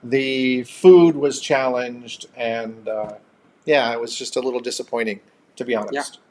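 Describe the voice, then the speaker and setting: A man's voice: medium pitch, a little slow, darkish tone. Chatty man hosting a live stream. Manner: chatty, reads out and thanks viewer comments. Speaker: co-host of a live chat. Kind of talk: casual live-stream chat.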